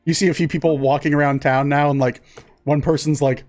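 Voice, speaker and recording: A man's voice: fairly high pitch, level tone, fairly quick, a little mellow. Casual man narrating a tabletop game. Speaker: game master.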